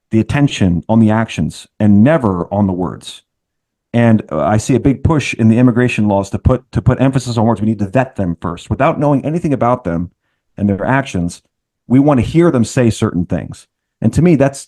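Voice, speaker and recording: A man talking on a panel in a rambling, halting way, with many restarts. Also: medium pitch, dark tone. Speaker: podcast panelist. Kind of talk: casual round-table discussion.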